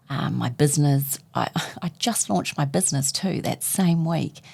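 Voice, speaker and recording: A woman's voice: low voice, vocal fry, dark tone. A woman, a guest author telling a personal story in conversation and acting out the dialogue as she goes.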